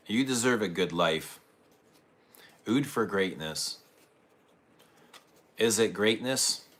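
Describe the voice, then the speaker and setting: Low, bright-voiced man hosting a livestream. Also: expressive, slow pace. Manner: chatty, greets viewers and reads their comments aloud. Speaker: perfume livestream host. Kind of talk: casual livestream chat with viewers.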